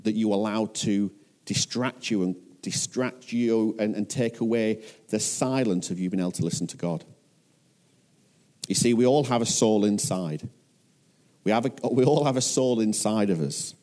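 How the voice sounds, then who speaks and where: A man's voice: on the low side, normal speed, dark tone. A man with a Northern English accent preaching a sermon as a pastor, earnest and often putting questions to his listeners.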